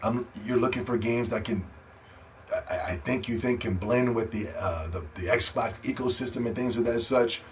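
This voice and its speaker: A man hosting a gaming podcast, ranting and pleading, dropping to hushed begging and then rising to shouts. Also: medium pitch, normal speed, a little hiss or hum. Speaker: podcast host.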